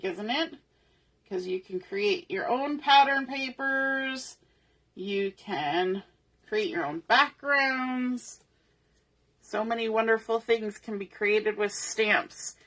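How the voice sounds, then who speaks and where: Middle-aged woman, papercraft tutorial host, unhurried, bright and chatty. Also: on the high side. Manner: chatty, talks through each step aloud. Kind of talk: crafting tutorial.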